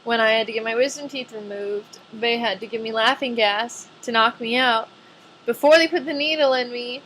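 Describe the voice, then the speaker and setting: Young woman vlogger, nineteen, casual and chatty, bright tone, light background noise. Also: a little high, normal speed. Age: young adult. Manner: chatty, says "like" a lot. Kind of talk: casual chat to camera.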